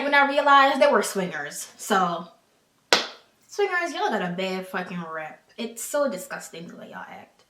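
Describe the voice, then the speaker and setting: A woman's voice: medium pitch, big pitch swings, measured pace, bright, forceful tone, echoey room, slight background noise. Blunt, profane American woman host. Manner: blunt, profane, exasperated ranting. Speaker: podcast host. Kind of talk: frank advice talk.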